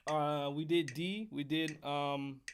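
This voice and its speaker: A man's voice: a little high, steady tone, slow, slight background noise. An American man teaching trumpet scales on a live stream, casual and joking with the chat. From United States. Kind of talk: live-streamed music lesson.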